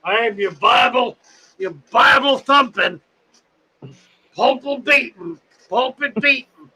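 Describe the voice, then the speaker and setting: An older man voicing a fiery old male fire-and-brimstone preacher who shouts and thumps the Bible. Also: very high-pitched, slow pace, slightly rough, pitched above the performer's own voice, heavily acted, low-quality recording.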